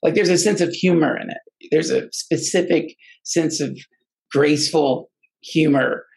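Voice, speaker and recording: A man's voice: a little high, measured pace, creaky, a little mellow, low-quality recording. A man, a podcast guest, telling an earnest personal story in casual, rambling talk full of restarts and fillers. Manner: emotional, earnest.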